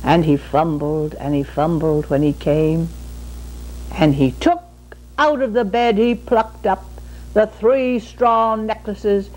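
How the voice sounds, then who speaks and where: A woman storyteller telling a folk tale in an unhurried, lilting way with dramatic pauses. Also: mid-range voice, steady tone, a little mellow, poor audio.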